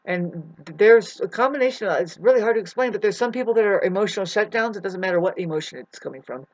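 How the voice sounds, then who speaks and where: Talking fast and animatedly in a medium-pitched voice, a woman vlogger meanders through spiritual searching while speaking straight to her audience and calling them "babes". Her lo-fi recording sounds muffled and has no room sound.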